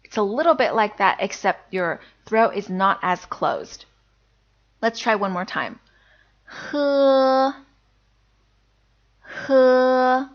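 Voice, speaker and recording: A woman who teaches languages leads a beginner pronunciation lesson, patiently and slowly sounding out each letter and repeating it. Her mid-range voice has lively intonation and a fairly bright tone, captured in lo-fi sound.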